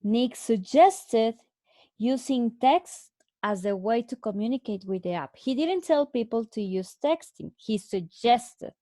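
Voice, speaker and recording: A woman teaching an English lesson, explaining answers slowly and clearly with repeated examples. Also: on the high side, expressive, mellow, dry recording. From Mexico. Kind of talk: recorded online English lesson.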